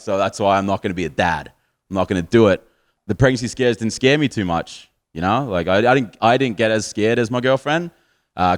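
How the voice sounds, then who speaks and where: An Australian man in his twenties doing a stand-up comedy set on stage, with swearing, boozy, self-mocking banter to the crowd. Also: lowish voice.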